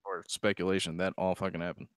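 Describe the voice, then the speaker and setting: A man's voice: deep voice, flat delivery, fast, dry recording. A man on a podcast chiming in bluntly with profane agreement. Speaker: podcast co-host. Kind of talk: casual chat.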